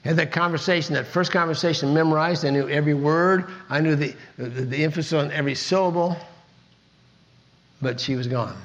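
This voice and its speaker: A man's voice: a little high, a little fast, a bit bright, lo-fi sound. An older man from Kansas giving an earnest motivational talk, telling his story with emphatic repetition. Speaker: speaker.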